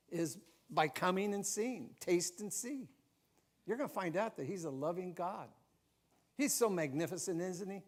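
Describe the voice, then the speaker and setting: An older man, a grandfather, preaching a folksy, conversational sermon in a church, with personal asides. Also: high-pitched. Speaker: pastor.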